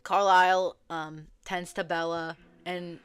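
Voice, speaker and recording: A woman's voice: lowish voice, slow pace, clean tone, no room sound. Chatty young woman retelling a book. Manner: animated, swearing, acts out characters' lines. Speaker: book vlogger. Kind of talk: casual retelling of a story. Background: soft background music.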